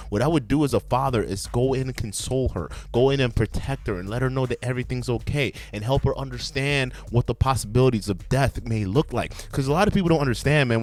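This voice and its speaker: A man hosting a reaction video, giving blunt, profane commentary and lecturing his viewers in a loose, animated way. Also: on the low side.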